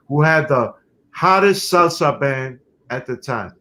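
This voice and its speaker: A man, a guest musician telling stories in an interview, animated and quick to laugh. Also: fairly high pitch. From New York City. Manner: animated storyteller who laughs often. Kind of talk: storytelling in an interview.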